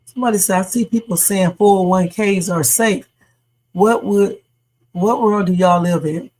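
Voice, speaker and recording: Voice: mid-range voice, moderate pace, a little mellow, low-quality recording. A livestream host chatting casually about news stories and reading out viewer comments. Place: home streaming setup.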